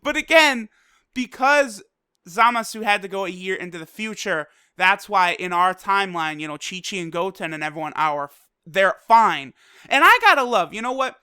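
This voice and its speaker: A video reviewer excitedly recapping an anime episode, swearing freely and filling with "like" and "you know". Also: medium pitch, moderate pace, clean tone, no room sound, studio quality. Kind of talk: casual recap and commentary.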